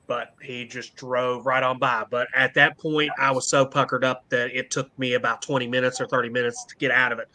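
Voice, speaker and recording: A man's voice: mid-range voice, pushed and bright. A man telling a story in casual chat on a paranormal show, rambling with loose fillers.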